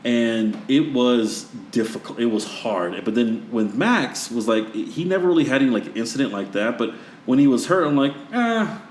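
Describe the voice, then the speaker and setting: A man hosting a podcast, chatting casually and telling animated stories that act out what people said. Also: mid-range voice, moderate pace, hardly any pauses, a little hiss or hum. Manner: animated storyteller acting out quotes. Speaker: podcast host. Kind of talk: casual conversation. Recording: roomy echoey sound.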